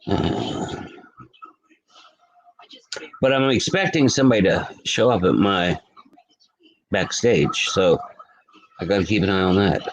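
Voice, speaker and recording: A man's voice: low-pitched, slow, long pauses, poor audio. A man hosting a late-night live stream from home, chatting loosely and greeting viewers in the chat by name. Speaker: livestream host. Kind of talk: casual live-stream chat reading comments.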